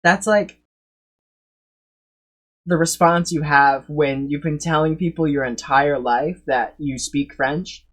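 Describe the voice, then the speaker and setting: A man's voice: on the high side, slow, pauses often, fairly bright tone. A man streaming live, rambling through reaction commentary, swearing freely and laughing often as he talks.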